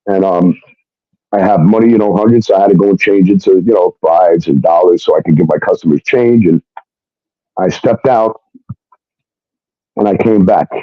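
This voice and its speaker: A man's voice: low voice, normal speed, pauses often, no room sound, dull audio. Profane man retelling a hard story. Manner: profane, animated retelling with quoted dialogue. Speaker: guest telling his story. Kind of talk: casual storytelling.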